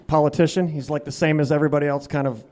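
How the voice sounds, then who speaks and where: A stand-up comedian guesting on a radio talk show, chatting earnestly and a little ramblingly. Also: male voice, on the high side, fairly even intonation, very fast, a little mellow. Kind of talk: casual chat. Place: radio studio.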